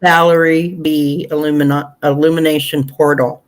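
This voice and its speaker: A woman's voice: low-pitched, level tone, moderate pace, rough recording. A woman hosting a chat show who reads viewer comments aloud. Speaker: host. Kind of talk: casual chat, reading out comments.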